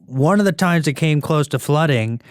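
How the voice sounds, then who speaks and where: A man's voice: fairly high pitch, animated, moderate pace, clean tone, no echo, clean studio sound. A man in casual podcast chat, telling a long story and filling it with "like" and restarts. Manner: rambling storyteller, heavy use of "like".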